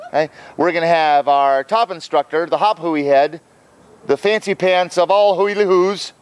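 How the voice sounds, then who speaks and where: A fairly high-voiced man walks viewers through fitness drills with playful energy. He keeps checking in with "okay?" between cues. He is recorded outdoors on a hilltop. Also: normal speed, clear, resonant tone. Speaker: fitness trainer. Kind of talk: instructional demonstration.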